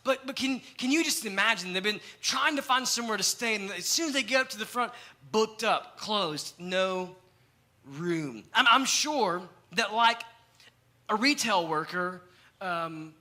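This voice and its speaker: A young adult male pastor, preaching a sermon with animated storytelling and acted-out quotes. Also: high voice, measured pace.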